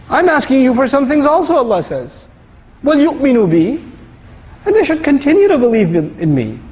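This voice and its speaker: Guy lecturing like a sermon, talks quick, chatty, recites arabic verses then explains them. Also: extremely high pitch, a little mellow, in a large hall, rough recording. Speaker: Islamic lecturer. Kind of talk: lively sermon-style lecture.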